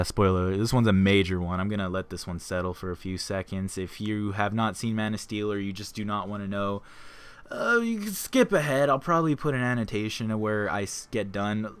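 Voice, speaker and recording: A young man talking casually and excitedly while playing a game, rambling and repeating himself. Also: fairly low pitch, brisk, hardly any pauses, clear, resonant tone. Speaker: gaming YouTuber. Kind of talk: casual excited monologue over gameplay.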